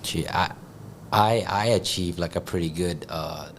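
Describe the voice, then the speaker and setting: A man talking in a podcast conversation, halting and searching for words as he goes. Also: low voice, a little hiss or hum. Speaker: podcast guest and grappling competitor.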